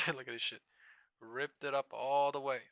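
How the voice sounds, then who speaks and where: An excitable man talks through stock charts on a live trading stream, swearing freely and thinking aloud. His voice is very bright and tense, smooth and crisp. The sound is dry and close, with no room echo. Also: mid-range voice, moderate pace. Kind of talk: casual live-stream commentary.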